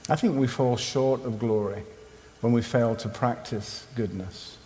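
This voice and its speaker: A man's voice: medium pitch, a little slow, dark tone, slight background noise. A man giving a conference sermon, emphatic and rhythmic, in short punchy phrases. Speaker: conference speaker. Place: conference hall. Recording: long hall reverb.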